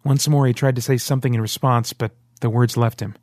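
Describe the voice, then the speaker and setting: A man reading an audiobook in steady, earnest scripted narration. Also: medium pitch, fairly quick, dry recording, clean studio sound.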